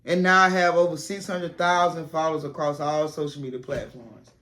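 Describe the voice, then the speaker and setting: A woman's voice: deep voice, steady tone, fairly quick, fairly bright tone. A woman, a former teacher turned content creator, giving casual, plainspoken advice straight to camera from a classroom set at home.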